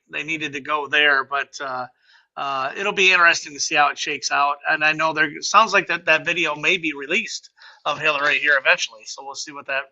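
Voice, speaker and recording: Male panelist, very bright sharp tone, muffled lo-fi remote line. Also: on the high side. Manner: loose, conversational, fillers like 'like' and 'uh'. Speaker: panelist on a live show. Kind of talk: casual political chat.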